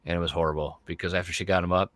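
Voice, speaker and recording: Rambling low-voiced man hosting a podcast. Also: little pitch movement, rapid-fire, fairly bright tone, no echo, clean studio sound. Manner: rambling, full of fillers like "like" and "you know". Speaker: podcast host. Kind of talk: casual chat.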